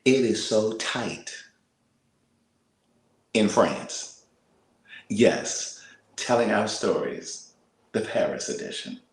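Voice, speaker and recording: An American man talking casually to live viewers from a small apartment, speaking softly and half-whispering, laughing and reading out comments. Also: lowish voice, animated, extremely slow, pauses often, echoey room, low-quality recording. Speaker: vlogger on a livestream.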